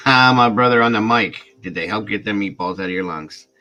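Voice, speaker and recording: A man with a very deep voice hosts a relaxed livestream and warmly greets viewers by name. He sounds congested and a little worn down from being sick, talking at an easy, chatty pace into a home streaming mic. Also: moderate pace, soft background music, low-quality recording. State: congested and coughing from illness. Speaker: true crime YouTube livestream host.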